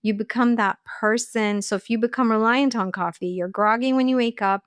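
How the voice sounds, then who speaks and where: A woman's voice: fairly high pitch, fairly even intonation, fairly quick, clean tone, no echo, clean studio sound. A woman, a holistic nutritionist and life coach, giving earnest, practical advice as an interview guest, with a sprinkling of "like" and "you know".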